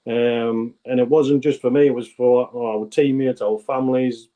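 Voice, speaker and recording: A man's voice: medium pitch, little pitch movement, moderate pace, mellow. A man in his forties with a North East English accent, a former footballer telling rambling stories as an interview guest. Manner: rambling anecdotal storyteller, many restarts. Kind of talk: casual interview chat.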